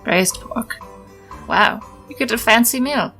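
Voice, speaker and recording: A woman's voice: a little high, measured pace, sharp tone, soft background music. A woman playing a tabletop role-playing game, speaking in character in a nervous, flustered, giggly way. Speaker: player.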